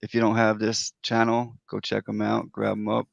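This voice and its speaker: A man hosting a livestream, giving easygoing shout-outs to viewers. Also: on the low side, monotone, normal speed, gravelly, no room sound, lo-fi sound. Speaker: livestream host.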